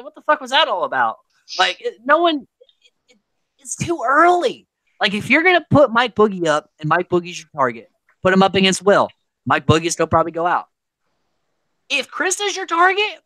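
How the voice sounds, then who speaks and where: A woman's voice: on the high side, bright, forceful tone, no room sound, poor audio. A woman hosting a casual podcast recap, talking animatedly and swearing casually. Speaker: podcast host. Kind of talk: casual reality-show recap chat.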